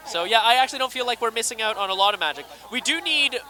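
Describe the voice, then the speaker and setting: A man with a Scottish accent, chatting quickly and animatedly in an interview at a red carpet event. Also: extremely high pitch. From Scotland. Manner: fast, animated, acts out quoted voices. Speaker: interviewee, actor and magician.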